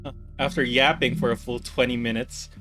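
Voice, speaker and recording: A man's voice: mid-range voice, flat delivery, a little fast, over music. A man hosting a live stream, rambling and laughing as he chats, then reading a document aloud. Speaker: streamer host.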